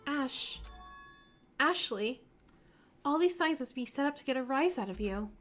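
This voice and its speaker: A woman's voice: high voice, expressive, a little slow, a bit bright, faint music behind. A woman voicing a young heroine who speaks firmly and reassuringly to a friend in a fan-made visual novel.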